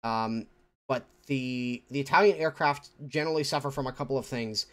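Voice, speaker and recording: A man's voice: mid-range voice, moderate pace, fairly bright tone. A man on a gaming podcast giving his opinions, hesitant and full of fillers. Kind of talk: casual gaming podcast chat.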